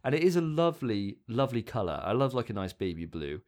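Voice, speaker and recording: A man's voice: medium pitch, very animated, quick pace, darkish tone. Chatty British man hosting a podcast. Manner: chatty, self-mocking, sweary. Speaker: podcast host. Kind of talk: casual podcast chat.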